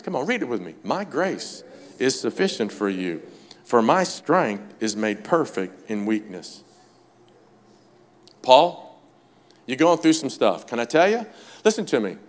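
A man preaching a sermon, impassioned and emphatic, calling out to the congregation and swinging between loud high bursts and low quiet lines. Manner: repetitive, emphatic lists; calls out to the congregation.

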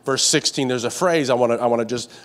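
A man's voice: mid-range voice, fast. A male pastor preaching a sermon to a congregation in a church, with a repetitive cadence, call-and-response prompts and stammering restarts when worked up. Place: church sanctuary with live and online congregation.

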